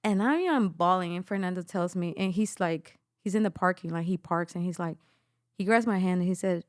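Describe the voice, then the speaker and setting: As a podcast guest, a young adult woman shares an emotional personal testimony, telling it in an animated way and acting out the voices of the people in her story. She speaks briskly in a lowish voice, and the studio-quality recording has no echo.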